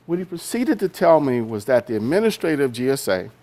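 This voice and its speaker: Man, motivational keynote, storytelling, dramatic pauses, asks the audience questions. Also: medium pitch, sing-song, darkish tone. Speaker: executive keynote speaker. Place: theater stage.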